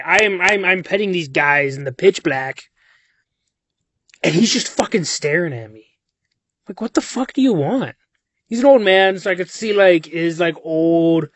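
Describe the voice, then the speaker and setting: A man's voice: fairly high pitch, dry recording. A young man leaving a long, rambling and profane voice message from his car at night, dazed and worn out, drifting from one thought to the next. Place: inside a car on a country road at night. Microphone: phone.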